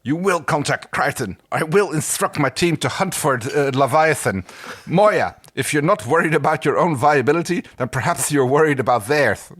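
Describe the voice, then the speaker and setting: A man's voice: on the high side, animated, moderate pace, few pauses, fairly bright tone, breathy edge, no room sound, clean studio sound, pitched above the performer's own voice. A man voicing a stiff, threatening military officer in formal, commanding tones. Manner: formal, commanding, breaking into laughter.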